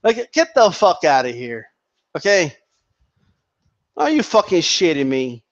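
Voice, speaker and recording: A man's voice: a little high, wildly swooping pitch, unhurried, muffled recording. A man giving heated, profane boxing commentary, restarting his sentences often as he rants. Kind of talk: ranting commentary vlog.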